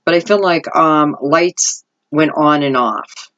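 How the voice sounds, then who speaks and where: A woman's voice: low voice, slow pace, fairly bright tone, highs cut off. A middle-aged woman giving an intuitive tarot reading, rambling and thinking aloud as she goes. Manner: rambling, thinking aloud, lots of "I feel like" asides. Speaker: tarot reader.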